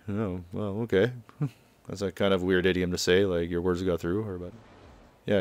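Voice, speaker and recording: A man's voice: deep voice, fairly even intonation, a little fast, no echo, studio quality. A man casually recapping a video game, chuckling often and loosely paraphrasing the dialogue. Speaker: gameplay commentator. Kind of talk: casual let's-play recap.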